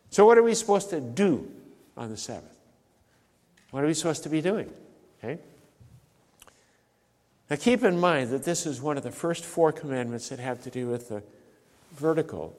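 A pastor preaching a sermon, emphatic and repeating key phrases for stress. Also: male voice, mid-range voice, darkish tone, in a large hall. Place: church sanctuary.

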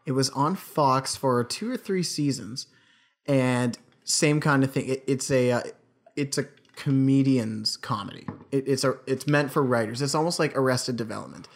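A man from Canada co-hosting a casual podcast, joking and teasing his co-host in quick banter. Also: medium pitch.

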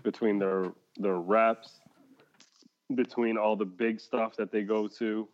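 A man's voice: lowish voice, fairly even intonation, slow pace, highs cut off. A man co-hosting a casual podcast, rambling with restarts and laughing often. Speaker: podcast co-host. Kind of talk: casual chat.

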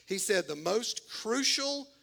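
A man delivers a sermon in a folksy, animated way, slipping into the voices of the people in his story. His voice sits high and sounds bright and gravelly, with a bit of fry. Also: slow pace. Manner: animated, folksy, acts out voices of biblical figures. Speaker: pastor.

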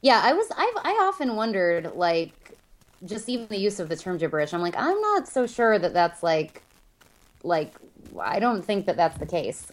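Relaxed woman co-hosting a chat. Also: on the low side, moderate pace. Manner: relaxed, agreeable, many fillers. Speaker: podcast co-host. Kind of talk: casual chat.

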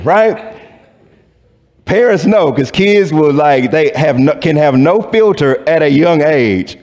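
A male pastor delivers his sermon at an unhurried pace, his voice set somewhat high. He talks to his congregation like a friend, acting out quick voices before sinking to a hushed, low delivery. The sound carries a long reverb from a large church hall. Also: lively intonation. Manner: conversational preaching, acts out voices, swings from loud high to hushed low.

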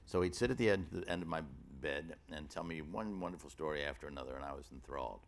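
Older-sounding male author, very low and gravelly, wry halting storyteller; stop-start delivery with lots of ums. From New York City. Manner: halting and rambling, many fillers and restarts. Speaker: author in a public conversation. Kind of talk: live onstage conversation.

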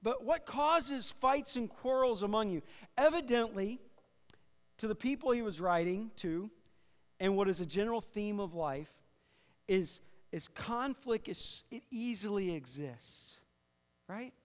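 A man's voice: high-pitched, animated, a little slow. A man preaching a sermon as pastor, talking conversationally, repeating and restarting phrases and leading the congregation in call-and-response. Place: church sanctuary. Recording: long hall reverb.

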